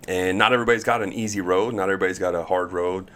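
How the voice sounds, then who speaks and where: Animated storytelling man, low voice. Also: rapid-fire. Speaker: podcast guest. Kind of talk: casual storytelling chat.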